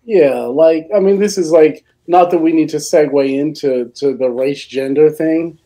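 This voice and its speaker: A man's voice: on the high side, moderate pace, dark tone. A man in casual chat, talking thoughtfully with filler words.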